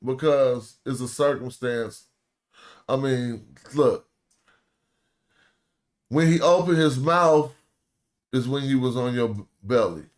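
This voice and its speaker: A man's voice: medium pitch, takes it slowly, pauses often. Slangy man teaching a casual lesson. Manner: slangy, repeats and restarts, asks the listener questions. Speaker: teacher of ancient Egyptian.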